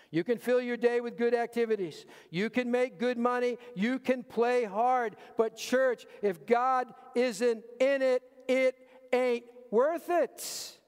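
A man preaching a sermon as pastor in a church, emphatic and fond of repeating key phrases, moving between quiet asides and raised, pointed lines. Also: high voice. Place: church sanctuary. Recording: long reverb of a large hall.

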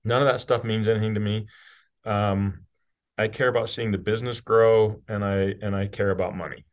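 A man's voice: lowish voice, fairly even intonation, moderate pace. A middle-aged man from rural Utah, a company CEO talking candidly as a podcast guest, blunt and casual, with the odd swear word. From rural Utah, USA. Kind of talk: candid conversational interview.

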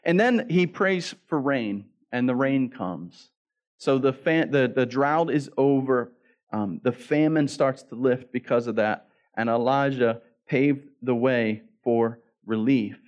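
On a muffled recording, a pastor with a mid-range voice delivers a slow sermon. He jokes casually throughout and performs the story, putting on different voices for the quoted lines.

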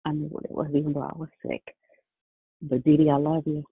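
A woman calling in who shares openly, in a halting and emotional way, with a husky voice. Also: low-pitched, flat delivery, no echo. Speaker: caller. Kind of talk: personal sharing on a call. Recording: tinny phone line, dry.

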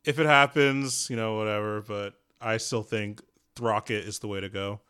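A man's voice: fairly low pitch, fairly even intonation, normal speed, pushed and bright, smooth. A man who is a guest on a comics podcast, chatting casually and enthusiastically, with many "like"s and "um"s. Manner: enthusiastic, hedging with "like" and "um". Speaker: guest, music composer. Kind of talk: casual chat.

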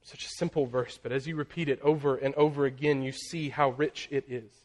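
Man preaching, dropping soft on key words. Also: steady tone. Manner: builds in pitch and volume on emphatic lists; slows and drops very soft on key phrases. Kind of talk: sermon.

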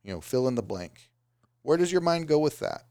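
Gravelly-voiced man giving business advice. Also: medium pitch, normal speed, no room sound, clean studio sound. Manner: animated, does mocking voices of excuses. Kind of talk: casual motivational talk.

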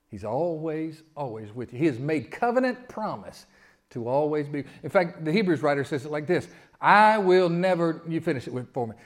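A middle-aged man preaching to his church in a relaxed, conversational way. His voice sits high for a man, and he swings from punchy, raised emphasis down to near-whispered asides. He sounds like a pastor talking plainly with his congregation from the front of the sanctuary. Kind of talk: sermon.

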